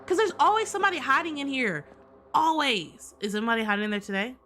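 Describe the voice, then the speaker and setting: A woman's voice: sits high, expressive, fast talker, bright, forceful tone. A woman doing casual let's-play commentary, slangy and swearing, laughing often and talking back to the characters on screen. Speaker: gaming streamer. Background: game music.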